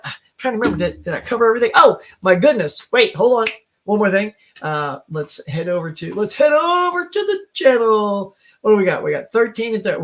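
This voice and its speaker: Chatty high-voiced man hosting live. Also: a bit bright. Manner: chatty, laughs often, thinks aloud with many restarts. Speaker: host. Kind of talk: casual live-stream chat.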